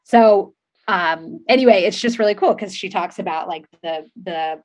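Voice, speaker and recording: A woman's voice: mid-range voice, normal speed, a little mellow. A woman co-hosting a podcast in casual political chat, rambling with many fillers. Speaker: podcast co-host.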